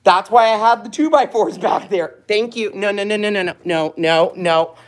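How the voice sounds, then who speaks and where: A woman's voice: mid-range voice, normal speed. A woman vlogger in casual chat, cooing in baby talk at puppies.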